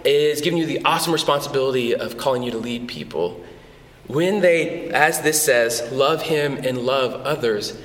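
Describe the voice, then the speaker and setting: A man preaching a sermon as a pastor, conversational and animated, with frequent restarts, in a church. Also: mid-range voice, normal speed. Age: adult with a son. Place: church hall. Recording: echoey church hall with long reverb.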